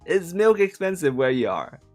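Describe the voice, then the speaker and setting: A man from Hong Kong chats his way through a live translation stream, rambling and correcting himself as he goes. His pitch swings in a lively, animated way, and he chuckles often. Soft guitar music plays faintly behind him. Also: a little slow. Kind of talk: casual live-stream chat.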